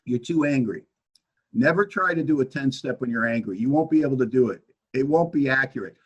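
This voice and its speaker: A man speaking at a recovery meeting, telling his story with animated storytelling and acting out both sides of an argument. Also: medium pitch, fairly quick, breathy edge, highs cut off. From Washington state, US.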